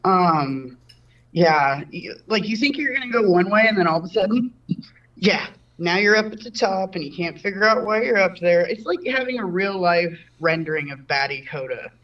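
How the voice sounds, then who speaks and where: A woman's voice: fairly low pitch, lively intonation, normal speed, a bit bright, distant mic, muffled recording. A woman doing a stand-up comedy set from home over a video call, in a rambling, self-interrupting way. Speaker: stand-up comic. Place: home room.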